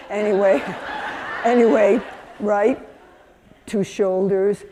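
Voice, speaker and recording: An older woman from the United States giving a lively keynote talk, telling stories and acting out children's voices. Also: mid-range voice, normal speed, a little hiss or hum. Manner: animated storytelling, acts out kids' voices. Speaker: keynote speaker.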